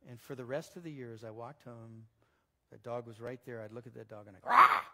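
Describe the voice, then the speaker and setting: A male pastor preaching a sermon in a church, telling stories in an animated way that swings between loud and soft. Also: medium pitch, quick pace, creaky.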